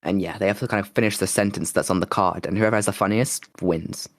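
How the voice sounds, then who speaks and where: Hoarse man rambling. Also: on the low side, steady tone, fast, dry recording, clean studio sound. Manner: rambling, lots of "like" and restarts. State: hoarse, losing his voice. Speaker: podcast co-host and streamer. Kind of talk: casual chat.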